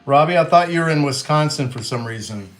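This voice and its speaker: A man's voice: fairly high pitch, lively intonation, a little fast. A man in his thirties from Western Kentucky with a light Kentucky accent, chatting casually on a livestream while cooking and reading out viewer comments. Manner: chatty, reads out viewer comments, soft-spoken. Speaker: livestream host.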